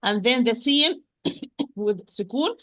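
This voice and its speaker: A woman's voice: fairly high pitch, expressive, sharp tone. Patient woman teaching recitation, lo-fi audio. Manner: patient, repeats corrections, slow demonstrations. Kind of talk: online recitation lesson.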